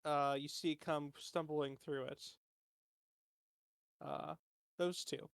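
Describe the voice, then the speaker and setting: A man running a tabletop game, narrating scenes in a halting way with many fillers. His voice sits fairly high and the sound is dry and close. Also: fairly even intonation, creaky, smooth, no room sound. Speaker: game master.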